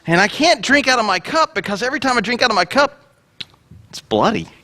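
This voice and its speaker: A male pastor preaching a sermon in a playful, joking way. His voice sits high and bright. His pitch jumps around a lot as he tells the story. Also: lively intonation, a little fast.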